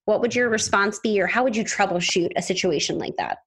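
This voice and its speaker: A woman hosting a podcast interview, upbeat and chatty, quick to laugh. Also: medium pitch, fairly bright tone, husky. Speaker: podcast host.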